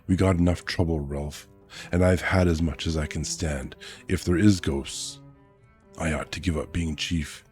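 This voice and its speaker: A man's voice: rumbling low, steady tone, measured pace, darkish tone, soft background music. A man voicing an earnest, worried boy chief trying to keep order, in a novel read-aloud. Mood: fearful.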